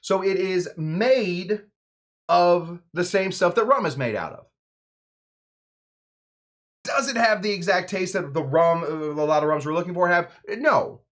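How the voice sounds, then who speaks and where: A man's voice: sits high, unhurried, pauses often, a bit bright. Playful man hosting a cocktail show. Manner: playful, jokey, rambling asides. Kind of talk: casual chat while mixing drinks.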